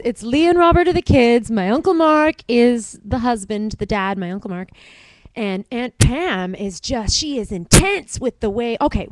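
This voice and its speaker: A woman co-hosting a casual chat, telling animated stories and breaking into silly voices. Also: on the high side, no room sound, poor audio. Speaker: podcast co-host.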